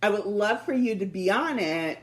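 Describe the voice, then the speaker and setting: A woman's voice: mid-range voice, moderate pace. A woman podcast co-host in casual chat, telling stories with lots of acted-out quotes and frequent laughter. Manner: animated storytelling, acting out quotes, laughing often. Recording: echoey room.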